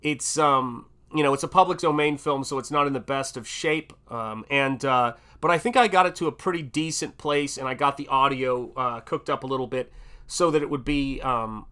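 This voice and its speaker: Chatting casually on his livestream, a middle-aged man with a Southern accent rambles and leans on lots of filler words. His mid-range voice is sharp and clean, delivered at an ordinary pace.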